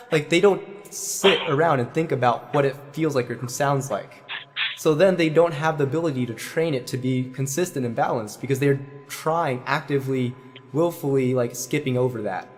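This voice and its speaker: A man's voice: medium pitch, normal speed, faint music behind. A man giving a singing lesson, explaining at length and breaking into short sung demonstration syllables. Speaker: voice teacher.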